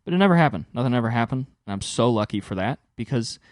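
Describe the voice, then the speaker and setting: A young man hosting his own podcast, telling a rambling story in casual, profane storytelling with sudden jumps in pitch for emphasis. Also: quick pace, no echo, studio quality. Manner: animated, swears freely, pitch jumps high for emphasis. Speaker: podcast host and stand-up comic.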